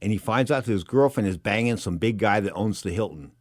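A man's voice: on the low side, brisk, no room sound, studio quality. Rambling man telling a tense story. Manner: animated, rambling with repeats and fillers. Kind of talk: casual anecdote.

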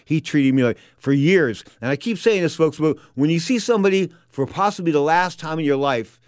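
A man's voice: on the high side, brisk, few pauses, dry recording, clean studio sound. Ranting middle-aged male boxing host. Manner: blunt, ranting, sarcastic. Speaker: boxing talk show host. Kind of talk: opinionated sports talk. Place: studio.

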